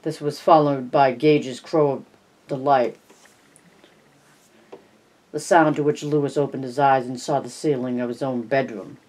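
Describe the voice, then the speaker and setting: An audiobook narrator reading a horror novel in a measured way, dropping softer for tense passages. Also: mid-range voice, fairly even intonation. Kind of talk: scripted narration.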